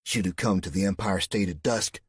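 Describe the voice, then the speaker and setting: A man's voice: low-pitched, normal speed, breathy edge, dry recording. A man voicing a flirty, sarcastic woman from West Virginia with a West Virginia accent and a mocking, teasing drawl.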